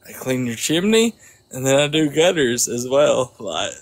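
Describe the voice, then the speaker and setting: A man in his thirties from Georgia with a Southern accent, chatting on a speed date in a cocky, teasing, deadpan way. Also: medium pitch, measured pace. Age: 30s. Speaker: prank speed dater. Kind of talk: casual chat.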